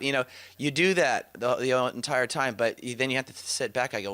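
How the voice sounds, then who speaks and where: A man leading a teaching session, his voice bright and forceful. He tells anecdotes eagerly and laughs often. His delivery is loose and conversational. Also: mid-range voice, moderate pace. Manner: enthusiastic storytelling, laughs often.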